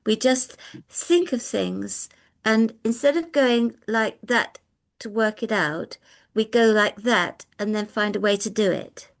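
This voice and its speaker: Older woman, chatty storyteller on a video call, gravelly edge. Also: medium pitch, takes it slowly. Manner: chatty, laughs often, rambling anecdotes. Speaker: guest speaker.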